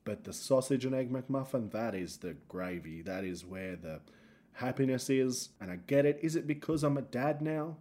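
A man's voice: mid-range voice, expressive, normal speed, dark tone. An Australian man hosting a solo comedy podcast, talking in a rambling, self-mocking way with jokey asides.

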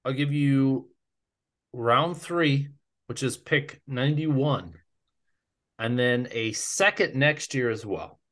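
A man's voice: mid-range voice, slow, fairly bright tone. A young man co-hosting a sports podcast, announcing draft picks in a playful announcer tone. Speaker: podcast co-host.

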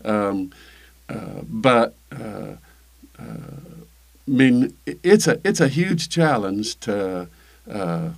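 An older man, a pastor, talking casually in an interview, halting with many fillers and restarts. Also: fairly low pitch, expressive, creaky.

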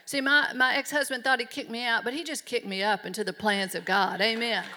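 A woman's voice: on the high side, fairly even intonation, brisk, background noise. A middle-aged woman preaching a sermon in an emphatic, earnest way. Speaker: pastor.

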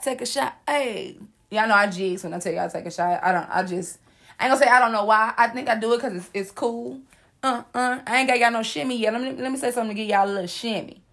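Sassy high-voiced woman giving advice. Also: fairly bright tone. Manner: sassy, playful, preachy, slangy. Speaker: host giving life advice. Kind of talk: casual advice monologue.

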